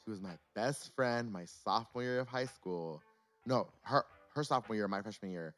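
A man's voice: on the low side, moderate pace, soft background music. A man co-hosting a podcast, telling stories in casual chat and acting out the quoted lines. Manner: animated storyteller, acts out quotes. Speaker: podcast co-host.

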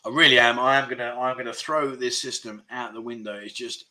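Here the man speaks briskly at a medium pitch with fairly even intonation, his tone bright and forceful. As host of a casual livestream, he reads out viewer comments and discusses them chattily, filling gaps with frequent fillers.

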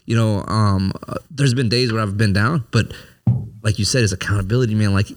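A man in his late thirties with a lowish voice speaks openly and unguardedly in casual conversation. He gropes for words, restarting and circling back as he opens up. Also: a little fast, soft background music. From immigrant family, came to America as a child. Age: 30s. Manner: open, searching, many restarts and fillers. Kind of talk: candid conversation.

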